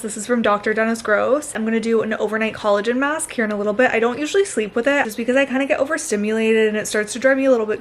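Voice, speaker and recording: A woman's voice: fairly high pitch, far from the mic, slight background noise. A young woman in her twenties chatting casually and upbeat in a home vlog, swearing now and then. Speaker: lifestyle vlogger. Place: home, indoors. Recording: roomy home echo.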